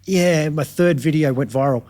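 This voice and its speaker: A middle-aged Australian man, a guitarist guest telling frank, animated stories in a casual chat. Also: a little high, normal speed. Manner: animated storyteller, frank and chatty.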